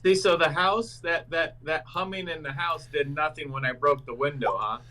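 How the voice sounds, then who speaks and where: A man's voice: fairly high pitch, moderate pace, sharp tone, rough recording. A man playing in a tabletop game, chatting and asking questions. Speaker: player. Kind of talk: casual game chat.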